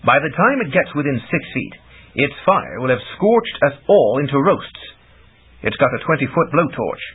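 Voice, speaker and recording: A man's voice: mid-range voice, big pitch swings, husky. A man playing a dry, formal magician. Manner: measured, formal, slightly pedantic. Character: middle-aged male magician, measured and dry. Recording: tinny lo-fi audiobook recording.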